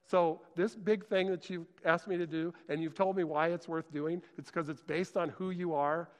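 A man's voice: fairly high pitch, fairly even intonation, normal speed, long reverb tail, close to an everyday voice. A man voicing Moses as a hesitant, self-doubting older man, pleading and anxious.

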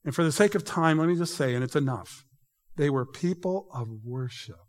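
A man's voice: fairly high pitch, moderate pace. Guy preaching a sermon, chatty and emphatic, big echoey church sound. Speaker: pastor. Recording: reverberant hall.

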